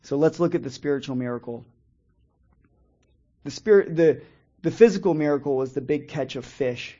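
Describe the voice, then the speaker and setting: A man preaching a Bible lesson in a measured way, reading scripture slowly and pausing often. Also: on the high side, mellow, lo-fi sound. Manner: measured, reads scripture slowly with pauses and restarts. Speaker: preacher teaching a Bible study. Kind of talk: sermon-style Bible teaching.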